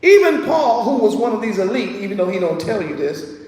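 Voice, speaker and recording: A man preaching in a very high voice, streetwise and joking, dropping to soft asides and then climbing to shouted peaks. He sounds far from the mic, and his words ring through a big, echoing hall. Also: sing-song, a little fast. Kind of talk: sermon.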